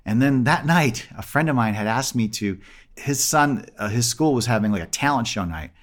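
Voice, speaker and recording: A man's voice: mid-range voice, moderate pace. A middle-aged man, a comedy magician, telling a story in a casual interview and acting out the people he quotes. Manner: animated, acts out the people he quotes.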